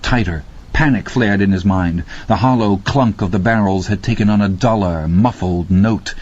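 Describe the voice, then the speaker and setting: A man with a husky voice narrating a horror audiobook with slow, dramatic pacing. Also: fairly low pitch, a little mellow. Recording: dull lo-fi audio.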